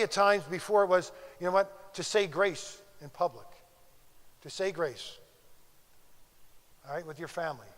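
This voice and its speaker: A man's voice: fairly high pitch, fairly bright tone. Older man giving a testimony talk. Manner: storytelling, conversational, acts out quoted dialogue. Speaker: conference speaker. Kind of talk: faith testimony speech. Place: conference hall. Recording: long hall reverb.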